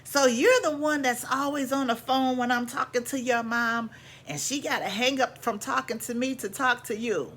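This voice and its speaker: A woman's voice: on the high side, normal speed, a bit bright. A woman quoting a nosy, chatty stranger. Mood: insistent.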